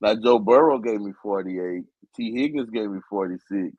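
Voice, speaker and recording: A man's voice: lowish voice, normal speed, a little mellow, no room sound, muffled recording. A man with a Southern US accent co-hosting a casual sports talk show, laid-back and slangy, laughing often.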